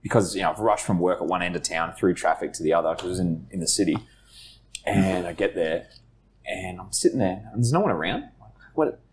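A man's voice: deep voice, fairly quick, slight background noise. A man telling stories in casual podcast chat, laughing at himself and swearing casually. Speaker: podcast co-host. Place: studio.

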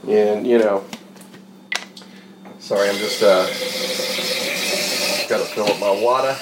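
A man's voice: lowish voice, steady tone, takes it slowly, heavy background noise. A man chatting casually to his viewers in a rambling way, swearing now and then as he drives and runs errands. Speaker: vlogger. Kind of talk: casual chat while driving and running errands. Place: in a car and parking lot.

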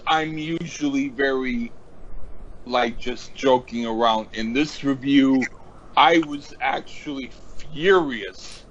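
A man's voice: medium pitch, a bit bright, highs cut off, slight background noise. A man co-hosting a casual album-review chat, a little drunk and swearing through a mock-furious rant. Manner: profane, mock-furious ranting. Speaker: podcast co-host reviewing albums.

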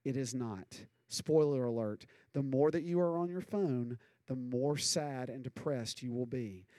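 A man's voice: medium pitch, unhurried, mellow, no room sound. A young adult man preaching a casual, earnest sermon to young people, often checking in with "okay?" and "right?". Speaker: youth pastor.

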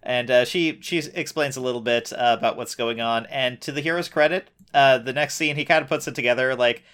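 A man in an easygoing recap chat, talking at an average pitch and riffing sarcastically on what happens. He mocks the plot with dry asides. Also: brisk, a bit bright, smooth. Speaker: podcast co-host.

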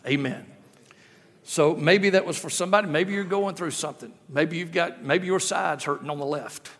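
A man's voice: a little high, moderate pace, fairly bright tone. A middle-aged man preaching a sermon as a guest preacher, telling humorous stories and repeating phrases with rhetorical questions. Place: church sanctuary. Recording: echoey church hall with long reverb.

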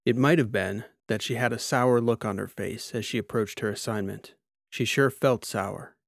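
Brief: man narrating fiction, measured pace, gravelly tone, dry close sound. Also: lowish voice, steady tone, dry recording. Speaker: audiobook narrator. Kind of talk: scripted narration.

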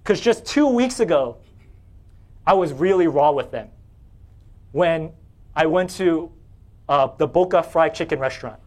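Animated high-voiced male pastor. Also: a little slow, pauses often. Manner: animated, self-deprecating, often rising in pitch and volume when retelling anger. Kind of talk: sermon with personal storytelling.

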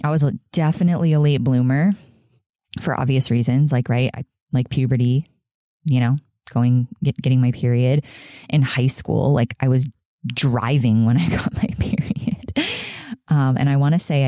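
A woman in her thirties hosting a solo podcast, sharing personal truths in a halting, emotional way and near tears. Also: extremely low pitch, warm tone, no room sound, clean studio sound. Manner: halting, emotional, frequent fillers and laughs. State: tearful. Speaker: podcast host. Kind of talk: candid solo podcast confession.

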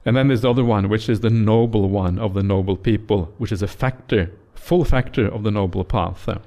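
A man, a Buddhist monk, giving a dharma talk at a meditation retreat, explaining slowly with frequent "uh"s and checking "yeah?". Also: lowish voice, dark tone.

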